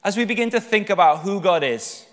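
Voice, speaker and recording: A man preaching a sermon, reading psalms aloud and speaking emphatically, lifting his voice with passion at the high points. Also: animated, fairly quick, a bit bright. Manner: emphatic, rising with passion when voicing the psalmist. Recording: long hall reverb.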